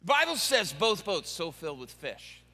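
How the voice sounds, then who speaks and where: A man's voice: sits high, very animated, normal speed, bright, forceful tone, big-room sound. A man preaching a sermon, telling the story theatrically and acting out every character.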